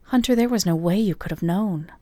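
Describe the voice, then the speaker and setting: A woman's voice: medium pitch, brisk, warm tone, no echo, close to an everyday voice. A woman voicing a headstrong young female pack leader who speaks plainly and directly, close to her own voice. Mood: earnest.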